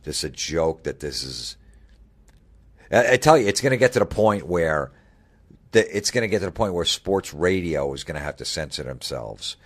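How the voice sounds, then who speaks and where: A man's voice: very deep voice, expressive, normal speed. A middle-aged man hosting a comedy podcast, ranting bluntly and swearing constantly. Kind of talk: profane comedic rant.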